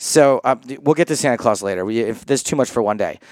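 A man's voice: mid-range voice, lively intonation, fast talker, a little mellow, no room sound. An American man riffing through casual podcast banter, laughing often and drifting into asides. His voice sits in the middle of the male range. The recording is dry and close with no room sound. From United States. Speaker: co-host.

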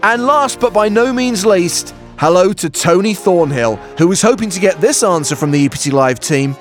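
A man co-hosting a podcast, teasing his partner with mock-serious reactions. His voice sits a little high and swings widely in pitch. Faint music plays under a dry, close recording. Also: lively intonation, normal speed. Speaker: co-host. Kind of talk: casual podcast banter.

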